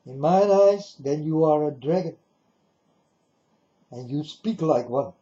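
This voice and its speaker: A man's voice: on the high side, lively intonation, slow, dark tone. A man preaching to the camera in a monologue, firing off repeated rhetorical questions at the viewer. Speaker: religious video preacher. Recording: dull lo-fi recording.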